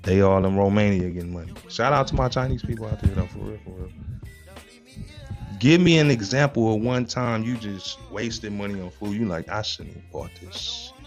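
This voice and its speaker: A man's voice: fairly low pitch, a little fast, faint music behind. A young man from the United States hosting a casual live-stream chat, slangy and teasing. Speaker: host.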